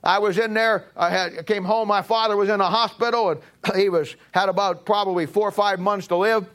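High-voiced man preaching a testimony. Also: steady tone, brisk. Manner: storytelling, swings from emphatic to low and quiet. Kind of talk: sermon testimony.

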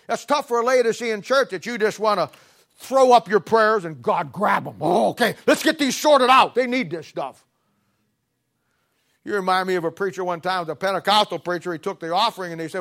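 A middle-aged male preacher delivering a blunt, confrontational sermon, swinging from loud declarations to low asides. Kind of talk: fiery sermon.

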